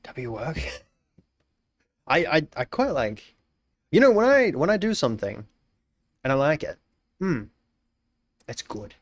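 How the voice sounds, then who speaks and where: A man's voice: medium pitch, very animated, slow pace, long pauses, no echo, clean studio sound. A young Australian man chatting casually on a live stream, musing aloud, repeating phrases and greeting viewers by name.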